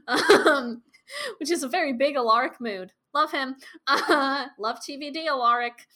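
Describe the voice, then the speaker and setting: A woman co-hosting a casual TV recap chat, animated and swearing freely as she acts out scenes. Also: sits high, normal speed. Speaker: podcast co-host.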